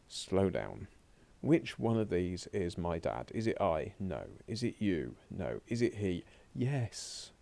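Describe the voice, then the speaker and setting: A man with a low, gravelly voice gives a recorded French lesson from his laptop. His tone is dark and mellow, and he chats to himself as he clicks through the slides. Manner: chatty, talks to himself while working through slides. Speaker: French teacher. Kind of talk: recorded remote lesson with screen commentary. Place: home or classroom desk at a laptop.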